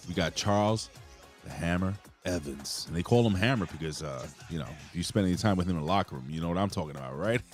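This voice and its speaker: Man, podcast co-host, low voice, lively pitch, jokey, profane, faint music behind. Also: fairly quick. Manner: loud, jokey, swears, shouts out viewers. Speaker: podcast co-host reading chat. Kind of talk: casual wrestling podcast chat.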